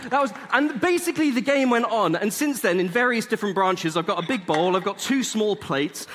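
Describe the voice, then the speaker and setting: A man's voice: sits high, lively intonation, fast talker, fairly bright tone, big-room sound, a little hiss or hum. A young man giving a sermon as a chatty, self-deprecating story. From England.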